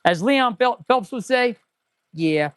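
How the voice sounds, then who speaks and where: A man who runs an auto repair shop, chatting casually and excitedly on a livestream while he tests parts, rambling to viewers as he works. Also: sits high, moderate pace, no echo. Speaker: auto mechanic and shop owner hosting a livestream. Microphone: clip-on mic.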